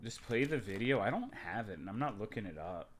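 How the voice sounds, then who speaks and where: A man's voice: lowish voice, animated, brisk, a little hiss or hum. Crude, rambling young streamer guy. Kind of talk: casual live-stream chat, reading chat.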